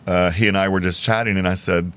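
A man's voice: sits low, fairly even intonation, fast talker, fairly bright tone, clear, resonant tone. A man hosting an interview podcast in an upbeat, enthusiastic way, chatting casually over a video call. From Houston, Texas. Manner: upbeat, enthusiastic, laughs often. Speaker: podcast host.

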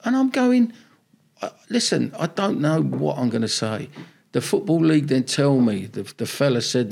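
Gravelly South London man, blunt. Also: mid-range voice, moderate pace. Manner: animated storytelling, blunt and emphatic. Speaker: football manager guest. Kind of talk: candid podcast interview.

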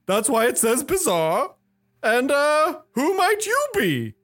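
A woman voicing a flamboyant male cat showman in a top hat, calling out greetings in a high, loud, stretched-out voice. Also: wildly swooping pitch, slow pace, heavily acted. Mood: grandly welcoming.

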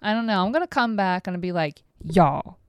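A middle-aged woman hosting a podcast alone, rambling and self-mocking in casual talk, swearing freely, recorded on a close mic in a quiet room at home. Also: mid-range voice, fast, clean tone, no room sound. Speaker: podcast host. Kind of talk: casual solo podcast monologue.

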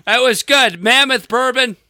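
A man's voice: very high-pitched, a little slow, pushed and bright, dry recording. A man co-hosting a podcast in casual talk, dropping dry, sarcastic asides. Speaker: podcast co-host.

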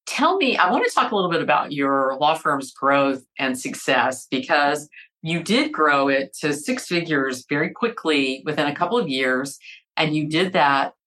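Woman, podcast host, very low pitch, affirming, prompts guest with questions. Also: lively intonation, a bit bright. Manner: affirming, quick to agree and prompt. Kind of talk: interview hosting.

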